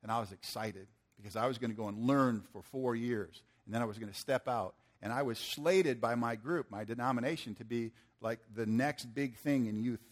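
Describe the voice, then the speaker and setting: Middle-aged guy preaching, folksy and animated, acts out the quotes, regular pitch. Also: normal speed, few pauses. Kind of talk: sermon storytelling.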